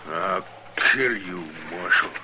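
An actor playing a threatening outlaw with a low drawl in a 1950s radio western. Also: male voice, slow, very noisy. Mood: menacing. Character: menacing outlaw holding hostages.

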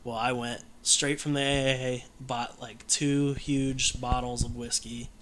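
A man's voice: medium pitch, level tone, measured pace, a bit bright, a little hiss or hum. A man telling his own story in casual conversation, candid and rambling, with many fillers and restarts.

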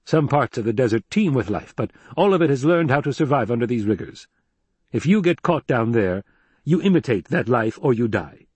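A man's voice: mid-range voice, expressive, normal speed, darkish tone, slightly rough, no echo. A man voicing a stiff, guarded male planetologist in an audiobook, speaking in a curt, clipped way. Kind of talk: audiobook character reading.

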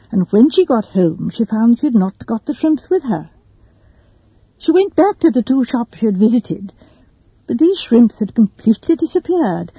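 A woman voicing a kindly elderly spinster aunt who talks softly and fusses over small details, in a storybook reading. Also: mid-range voice, husky, no echo. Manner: soft, gentle, fussy over small details.

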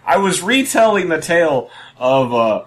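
A man's voice: fairly high pitch, big pitch swings, a little slow. A man co-hosting a podcast in casual chat, giggly and jokey. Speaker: podcast co-host.

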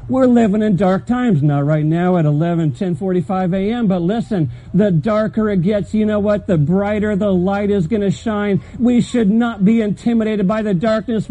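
A man with a very high, mellow voice preaches to his church. He tells a family story, then presses his points with emphatic, earnest delivery. His tone stays soft and rounded rather than sharp. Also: low-quality recording. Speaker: pastor. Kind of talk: sermon. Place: church service.

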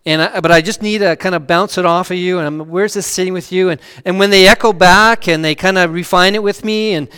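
A male pastor preaching with an earnest, rising-and-falling delivery, leaning into key phrases and then going hushed. His voice sits high and sounds smooth and clear. The sound carries a long reverberant tail from a large church hall. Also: fairly even intonation, a little fast. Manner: earnest, swells louder on key phrases and drops to a hush on scripture. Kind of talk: sermon.

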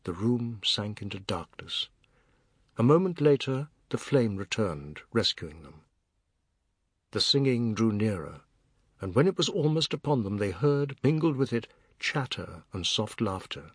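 Measured male audiobook narrator, dry studio. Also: on the low side, big pitch swings, husky, dry recording. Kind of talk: scripted literary narration.

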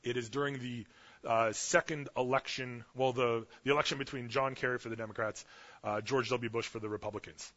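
A man in his thirties from Canada, preaching a sermon as pastor in an animated, casual storytelling way. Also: mid-range voice, fairly quick. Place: church sanctuary. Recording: dull lo-fi audio with long church reverb.

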